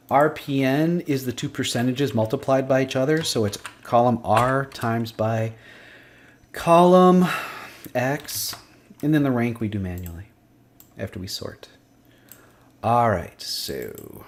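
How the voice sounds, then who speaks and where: Man, spreadsheet lesson, thinking aloud, mid pitch, faint typing in background. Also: animated, a little slow, long pauses, a little hiss or hum. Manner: thinking aloud, muttering to himself. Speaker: instructor. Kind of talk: screen-recorded spreadsheet demo. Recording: faint clicking and typing behind.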